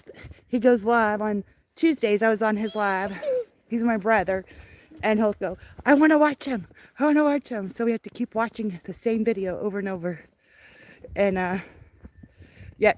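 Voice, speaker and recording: Filming herself on a handheld phone out in the snow, an older woman chats on a live stream, laughing a lot and fussing over her grandchild. She speaks in a mid-range, darkish voice with a steady tone and moderate pace.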